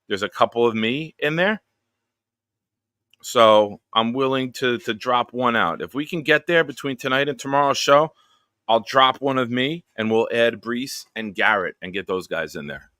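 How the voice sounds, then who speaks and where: Bright-voiced man hosting a live stream. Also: mid-range voice, normal speed, no echo, studio quality. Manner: upbeat, rambling, greets viewers by name. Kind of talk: casual live stream chat.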